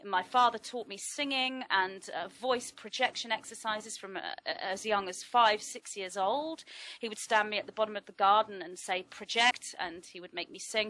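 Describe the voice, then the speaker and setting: A middle-aged woman giving a reflective spiritual talk, speaking in a measured, deliberate way with trained vocal projection. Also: medium pitch, pushed and bright, poor audio.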